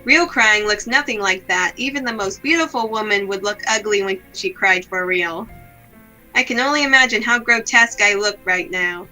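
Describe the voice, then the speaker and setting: A woman's voice: medium pitch, moderate pace, bright, forceful tone, soft background music, natural voice, poor audio. A woman reading a gloomy self-blaming young woman. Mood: melancholy. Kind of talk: reading a visual novel aloud.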